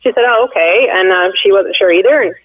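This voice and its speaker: Quick-paced and mid-range, the voice of the candidate's wife, a woman in her forties, comes over a tinny, dry phone line with no room sound. She's calling in to an interview and spinning out a long, rambling story riddled with fillers and restarts.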